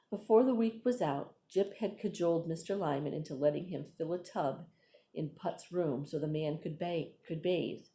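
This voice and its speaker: Woman reading a story aloud, low and mellow. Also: roomy sound. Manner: plain, unhurried reading with asides to listeners. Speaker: reader.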